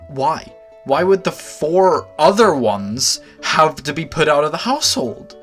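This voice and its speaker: A young man telling a storytime anecdote, exasperated and swearing, with animated outbursts. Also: on the high side, measured pace, soft background music. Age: young adult. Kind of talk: storytime vlog.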